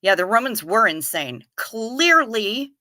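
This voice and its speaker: On a live stream, a woman chats with her viewers at an unhurried, drawn-out pace and reads their comments aloud. Her medium-pitched voice is bright and forward, and she sounds animated, wry and loose, swearing casually and giggling often. The recording is dry and close, with no room echo.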